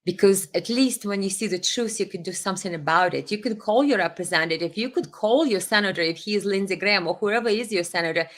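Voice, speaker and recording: A woman's voice: medium pitch, fast, hardly any pauses. A woman hosting a political commentary livestream, talking in an impassioned, indignant way with hesitations and restarts, and reading viewer comments aloud. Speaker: livestream host.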